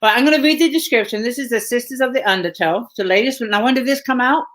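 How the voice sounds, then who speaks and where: A woman hosting a casual live video chat, chatty and quick with follow-up questions, heard over a video call. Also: a little high, fairly bright tone. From England. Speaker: host.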